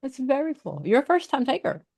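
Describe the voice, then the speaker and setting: A woman's voice: high-pitched, very animated, fairly quick, creaky, a little mellow. A woman tutor hosting an online session on a video call, encouraging a student and repeating her praise. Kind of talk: casual chat.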